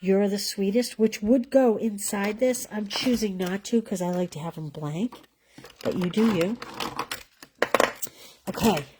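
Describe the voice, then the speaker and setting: A woman's voice: mid-range voice, unhurried, pauses often, warm tone, a little hiss or hum. Chatty woman demonstrating card coloring. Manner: chatty, talks while coloring, trails off mid-sentence. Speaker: card-making class host. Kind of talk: casual live craft demonstration.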